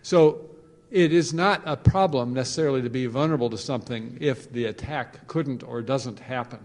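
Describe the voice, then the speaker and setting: A man giving a conference presentation, animated, with joking asides and phrases repeated for emphasis. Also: mid-range voice. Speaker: conference speaker. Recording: long reverb of a large hall.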